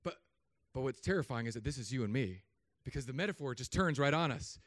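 A man in his thirties from Southern California, a pastor giving a humorous sermon with animated storytelling and put-on voices. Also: medium pitch, fast, no room sound, studio quality.

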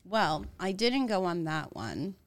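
A woman's voice: lowish voice, big pitch swings, slow pace. A woman co-hosting a podcast, talking about dating in a playful, laughing way. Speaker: podcast co-host. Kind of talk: casual chat.

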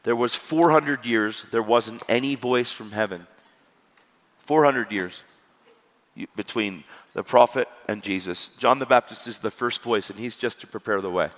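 A man's voice: medium pitch, normal speed, a bit bright. A man preaching a sermon, telling stories animatedly and acting out the dialogue. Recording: hall reverb with crowd.

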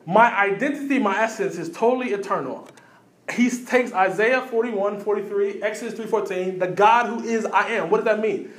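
A man, preaching a sermon in lively bursts with quick asides and repeated phrases. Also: high-pitched, roomy sound. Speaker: pastor.

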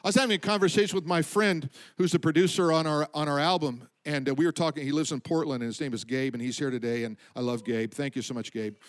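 A man with a high voice preaches a sermon. He speaks with emphasis, slows down on his key points, and lets his voice fall low at the ends of lines. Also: steady tone. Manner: emphatic preaching, slowing for stress and dropping low at line ends. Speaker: pastor.

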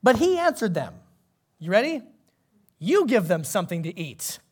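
Preaching in a lively, conversational style, a male pastor keeps turning to question his congregation. His voice is high with a breathy edge, and he speaks at a normal speed.

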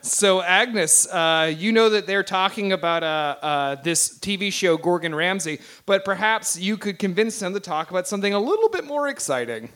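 A man narrating as game master of a comedic tabletop game, animated and quick to laugh. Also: high voice.

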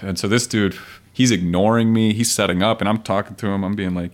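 Podcast guest, male, lowish voice, loose and profane, rambling storyteller. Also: fairly even intonation, brisk. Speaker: podcast guest, street poet. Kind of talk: casual storytelling chat.

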